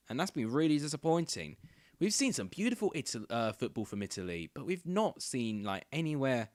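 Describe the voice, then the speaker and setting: A young man commentating a football match live for his viewers, rambling and chatty, then bursting into loud excited calls at near misses. His voice sits at an ordinary middle pitch. The sound is dry and close, with no room echo. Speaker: YouTuber hosting a football watchalong.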